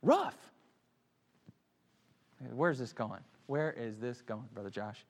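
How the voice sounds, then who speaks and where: A man preaching a sermon, swinging between hushed, quiet lines and loud, emphatic ones. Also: medium pitch, lively intonation, slow pace. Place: church. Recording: church sanctuary with long reverb.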